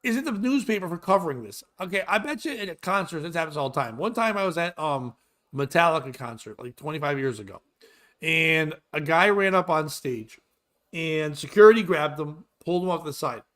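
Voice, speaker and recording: A man in his forties, a podcast host, ranting crudely and loudly in comedic chat. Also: a little high, fairly quick. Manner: profane, loud, animated ranting.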